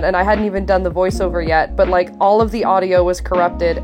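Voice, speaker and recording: Canadian woman, young, chatty voiceover narrator who rambles freely, soft music under the voice. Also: mid-range voice, steady tone, normal speed, hardly any pauses. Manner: chatty, rambling, self-described yapper. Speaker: vlogger. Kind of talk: casual voiceover.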